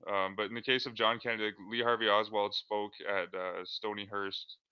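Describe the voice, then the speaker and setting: A man giving casual commentary over a screen share, halting and full of "like" and "uh". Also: fairly low pitch, flat delivery, clean tone, highs cut off. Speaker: video creator.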